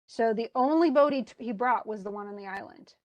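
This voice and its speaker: A woman's voice: a little high, a little fast, darkish tone, no echo, muffled recording. A woman teacher talking a class through a play in casual, chatty explanations.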